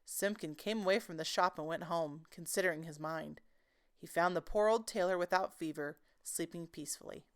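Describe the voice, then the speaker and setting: A woman reads a classic children's tale aloud in a gentle, expressive way. Her voice sits on the low side. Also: normal speed. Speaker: storyteller. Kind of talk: children's book read-aloud.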